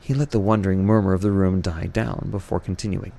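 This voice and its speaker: A man reading a novel aloud in steady, unhurried narration. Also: sits low, gravelly, no echo. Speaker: audiobook reader.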